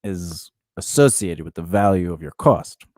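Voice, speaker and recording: A man's voice: low voice, lively intonation, moderate pace, darkish tone, dry recording, clean studio sound. A man co-hosting a casual podcast chat, teasing his partner and laughing often. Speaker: podcast co-host.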